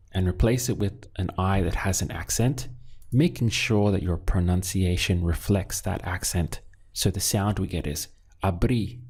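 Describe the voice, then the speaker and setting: A male language teacher with a lowish, gravelly voice and a dark, mellow tone. He speaks slowly and deliberately, repeating words so learners can follow. His manner is patient and methodical. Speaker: Spanish teacher. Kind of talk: language lesson with drills.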